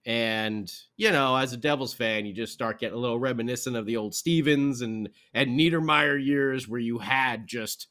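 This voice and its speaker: A man hosting a podcast, recapping a hockey game in a rambling, animated way with lots of fillers and restarts. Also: mid-range voice, normal speed. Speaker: podcast host.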